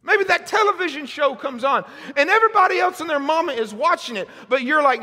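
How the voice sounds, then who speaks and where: High, bright-voiced fiery male preacher. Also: expressive, a little fast. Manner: fiery, shouting rhetorical questions. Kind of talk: sermon. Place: church service. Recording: long hall reverb.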